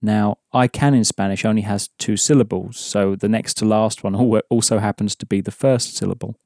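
A man delivers a scripted language lesson in a mellow, relaxed voice. He explains patiently and slows down to make each example clear. The recording is close and dry. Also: fairly low pitch, no room sound. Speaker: language teacher.

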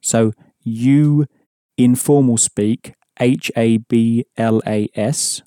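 A man's voice: mid-range voice, fairly even intonation, drawn-out words, mellow, no echo. A man teaching an audio language lesson, patiently explaining rules and prompting the listener.

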